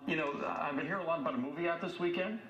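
A man's voice: a little high, racing, lo-fi sound, noisy background. A male weather presenter cracking a playful joke on air. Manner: joking, playful. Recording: echoey studio with audience crowd.

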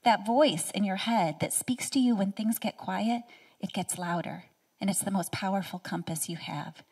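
A woman in her thirties giving a prepared personal speech as a featured speaker at a live event, earnest and heartfelt, sometimes dropping to a soft near-whisper. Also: medium pitch, normal speed, breathy edge, far from the mic. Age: 30s. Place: event stage.

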